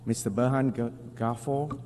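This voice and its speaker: A man, a foreign minister, delivers a formal speech at an international assembly in a measured, deliberate way, pausing for emphasis and correcting small slips. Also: mid-range voice, steady tone, dark tone. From Singapore. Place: large assembly hall. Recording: long hall reverb with faint hum.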